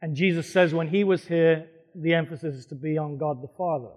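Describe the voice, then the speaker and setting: Male pastor, emphatic sermon delivery, quizzes the congregation, fairly high voice. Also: fairly even intonation, fairly quick, darkish tone, big-room sound. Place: church hall before a congregation.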